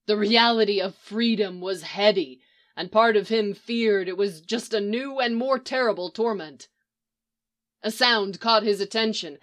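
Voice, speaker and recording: A woman reads a story aloud in calm, measured narration. Her pitch sits in the middle of the usual range for a woman, and she keeps an even pace through long descriptive passages. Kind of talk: audiobook narration of fan fiction.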